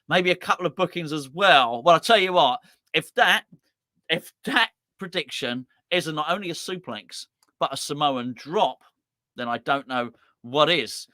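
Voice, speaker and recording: A man hosts a live fan stream, reading out viewers' score predictions with quick jokes and asides. His voice sits a little high and rings bright and forceful. The sound is dry and close, with no room around it. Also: dry recording. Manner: chatty, jokey, lively, reading out names. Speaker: host of a fan channel.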